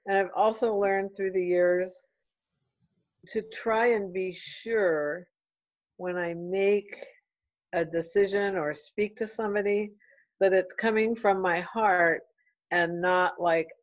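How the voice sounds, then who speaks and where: A middle-aged woman, a real estate broker, talking in an earnest, heartfelt and halting way as an interview guest. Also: mid-range voice, fairly even intonation, no echo, lo-fi sound. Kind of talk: casual interview chat.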